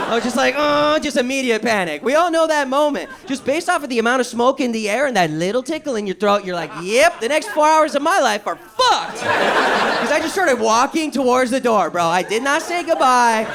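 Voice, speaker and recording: Brief: young man, stand-up comic, very high and gravelly, live set with loud noise behind. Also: brisk, a loud crowd. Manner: excitable, swearing, acts out his own panic in a raised voice. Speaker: stand-up comedian. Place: comedy show with a live audience. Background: audience laughter.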